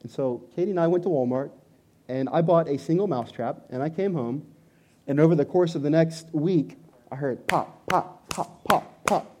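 A man in his thirties preaching a sermon, telling a story with animated delivery and loud bursts when acting out his own lines. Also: fairly high pitch, fairly quick, a little hiss or hum. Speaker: pastor.

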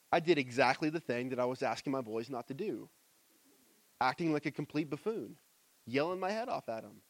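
In a church, a pastor in his thirties preaches a conversational, personal sermon, sinking into soft asides and then rising into loud, emphatic stretches. His voice is mid-range, and there's no echo.

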